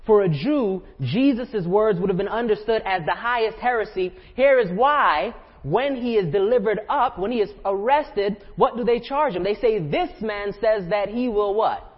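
High-voiced preacher in an echoing church. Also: male voice, lively intonation, moderate pace, few pauses, husky, lo-fi sound. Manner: conversational preaching with rhetorical questions. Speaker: pastor. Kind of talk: sermon. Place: church sanctuary.

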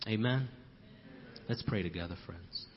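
A man's voice: low-pitched, measured pace. A young man preaching a sermon as pastor, repeating key lines for emphasis and calling his listeners brothers and sisters. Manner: storytelling asides, rising to loud emphasis. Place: church sanctuary. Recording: long hall reverb, dull lo-fi sound.

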